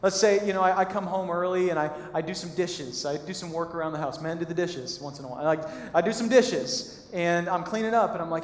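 A man's voice: high voice, fairly quick, hardly any pauses. A man in his thirties preaching a sermon as pastor, talking conversationally and acting out little scenes. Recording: echoey hall with long reverb.

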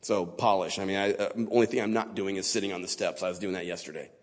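A man's voice: low-pitched, fairly even intonation, fast talker. A man giving an informal sermon as a guest speaker in a church, talking in a casual, plain-spoken, conversational way. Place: church sanctuary. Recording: long reverb of a large church hall.

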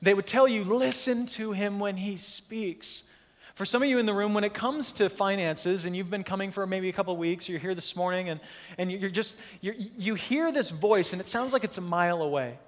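High-voiced man preaching in a reverberant hall. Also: brisk. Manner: animated, self-mocking storyteller. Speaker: pastor. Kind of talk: sermon storytelling. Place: church hall.

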